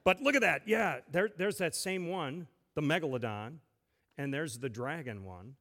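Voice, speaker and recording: A man, a pastor giving a playful children's sermon and gently asking a child many questions. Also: fairly high pitch, lively intonation, moderate pace. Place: church sanctuary. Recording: long church reverb.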